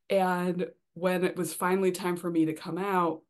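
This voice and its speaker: A young adult woman, a debut romance author, chatting excitedly as a podcast guest, laughing often and filling pauses with "um" and "you know.". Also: fairly low pitch. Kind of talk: casual interview chat.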